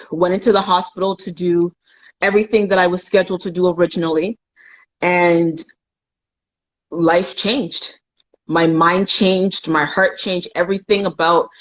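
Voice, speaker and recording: A woman's voice: on the low side, poor audio. A young adult woman from Canada, a guest in a live chat, telling a painful personal story candidly and acting out the voices of the people in it.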